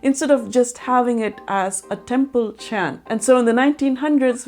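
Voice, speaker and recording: Woman explaining poetic rhythm over soft music. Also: fairly high pitch. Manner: clear, deliberate explaining with spoken demonstrations of rhythm. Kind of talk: scripted educational narration.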